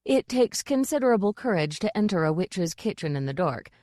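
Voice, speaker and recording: A woman's voice: medium pitch, very animated, brisk, a little mellow, no room sound, studio quality. A woman reading a fantasy novel aloud as audiobook narrator. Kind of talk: scripted narration.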